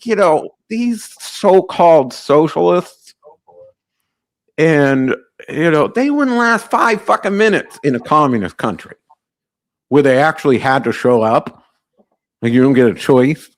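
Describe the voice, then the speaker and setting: A man's voice: fairly high pitch, expressive, measured pace. A man hosting a live call-in podcast, talking in a brash, joking, rambling way. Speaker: podcast host.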